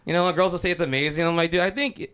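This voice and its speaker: A man's voice: fairly high pitch, steady tone, fast talker, a bit bright, clean tone. A young man from Los Angeles doing a loose, rambling, profane open mic stand-up set in a small comedy club.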